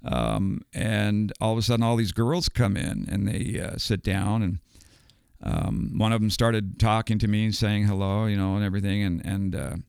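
A man's voice: fairly low pitch, fairly even intonation, normal speed, creaky, darkish tone, smooth, no room sound, studio quality. An older man, a guest and retired educator, telling a story casually with many ums and restarts. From United States.

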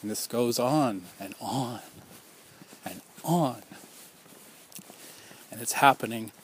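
In an earnest, accusing monologue about his own experience as a survivor, a man fires off repeated rhetorical questions with passion. He speaks slowly at a medium pitch, and a slight hiss or hum sits under the audio.

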